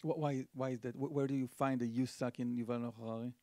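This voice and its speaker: Man asking onstage questions, dark mellow tone, flat delivery, halting starts. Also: mid-range voice, dry recording. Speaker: interviewer.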